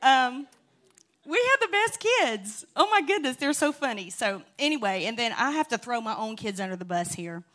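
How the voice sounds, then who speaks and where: A woman's voice: a little high, lively intonation, a little fast, few pauses. A woman telling funny stories to a church congregation in a chatty, laughing way. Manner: chatty and warm-hearted, laughing often. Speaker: church speaker. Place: church sanctuary.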